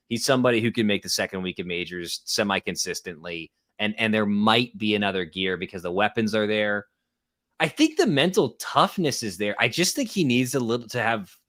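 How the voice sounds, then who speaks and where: A man with a fairly low voice co-hosts a live tennis watchalong, chatty and full of strong opinions. His recording is dry and close, with no room echo. He breaks into laughter often. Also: fairly bright tone. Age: young adult or middle-aged parent of an infant. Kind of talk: casual live sports commentary.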